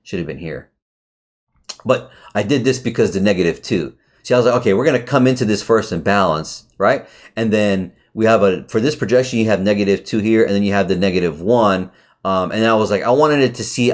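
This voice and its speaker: A man talking casually through a trade review on his charts, excitable and swearing often, with sudden jumps in pitch. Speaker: trading educator.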